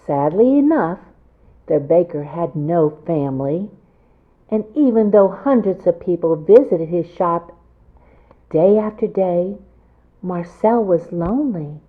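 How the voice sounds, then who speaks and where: Woman reading a picture book aloud, slow and lively. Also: on the low side. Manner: warm, chatty asides about the pictures. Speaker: children's storyteller. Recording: tinny phone-like sound.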